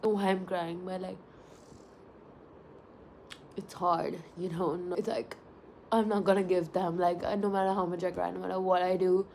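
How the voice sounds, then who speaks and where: A woman's voice: fairly low pitch, flat delivery, normal speed, gravelly, long pauses, a little mellow, slight background noise, rough recording. A woman of about twenty, chatting candidly and rambling to her phone camera in a casual vlog, with plenty of swearing. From India. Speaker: vlogger.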